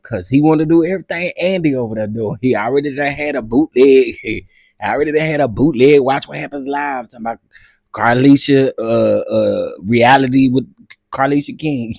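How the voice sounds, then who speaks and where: A man's voice: mid-range voice, gravelly, dry recording. A man hosting casual commentary, talking in a slangy, teasing way with features and frequent bursts of laughter. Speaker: commentary host.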